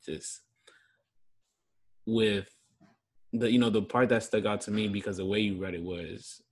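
A man with a very low, husky voice chats as a guest on a casual podcast. He hesitates often and fills gaps with ums as he works out what he means. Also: measured pace. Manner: hesitant, many fillers. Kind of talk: casual chat.

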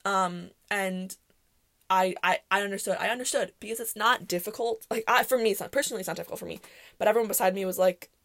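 Young woman, casual solo podcast chat, rambling with fillers, gravelly vocal fry. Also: medium pitch, quick pace, fairly bright tone. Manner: rambling and chatty, with many fillers and self-interruptions; laughs often while talking. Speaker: podcast host.

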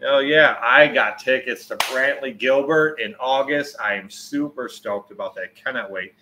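A man in his forties chatting casually on a livestream, answering viewers, rambling and swearing freely, getting loud when he tells a story. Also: medium pitch, normal speed, noisy background.

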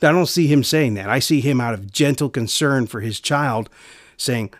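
A man's voice: mid-range voice, moderate pace, no echo. Earnest preacher man, dry close sound. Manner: earnest, repeats key phrases, drops to a hush for quiet lines. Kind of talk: sermon.

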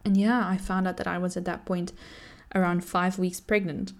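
A woman, telling a personal story to camera in a chatty, animated way and laughing often. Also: lowish voice, normal speed. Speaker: vlogger.

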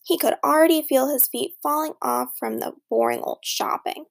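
Woman, children's story narrator, expressive, gravelly, slightly high. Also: moderate pace. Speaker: audiobook narrator.

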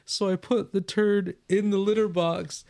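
A man's voice: high-pitched, steady tone, a little slow, creaky, darkish tone, no room sound. A man co-hosting a podcast, casually retelling a crude story he saw online. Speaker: podcast co-host.

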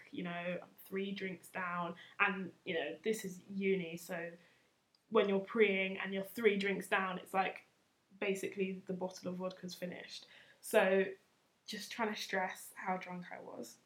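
A woman in her twenties hosts a podcast and tells a personal story in a relaxed, casual way. She sounds chatty and pokes fun at herself, and her voice sits at a middle pitch. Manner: chatty and self-mocking, laughs often. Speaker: podcast host.

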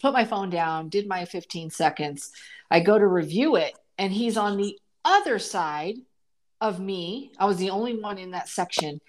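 A woman co-host telling a casual story on a podcast in an animated, emphatic way. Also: mid-range voice, moderate pace.

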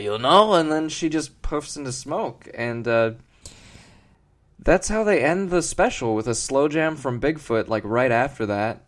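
Mid-pitched man, deadpan comedy podcast co-host who rambles. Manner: rambling, mock-earnest, full of fillers.

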